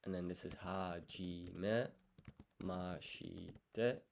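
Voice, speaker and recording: Man, study session, talks very slowly, drags out each syllable, mutters corrections, faint clicking behind. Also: deep voice, steady tone, creaky, darkish tone, slight background noise. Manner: sounds out foreign words slowly, syllable by syllable. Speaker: language learner streaming his study. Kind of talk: thinking-aloud study session.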